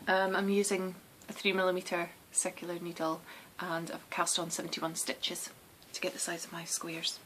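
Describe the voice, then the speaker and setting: A woman's voice: on the low side, completely flat delivery, normal speed, hardly any pauses, a bit bright, poor audio. Scottish lady chatting about her knitting, wanders off mid-sentence a lot, bit of background hiss. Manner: chatty and meandering, many restarts and ums. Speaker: knitting podcast host. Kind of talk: casual chat.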